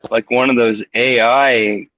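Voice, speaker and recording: A man's voice: mid-range voice, steady tone, a little slow, fairly bright tone, no room sound, dull audio. A man in a casual studio chat, laid-back and amused. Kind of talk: casual banter.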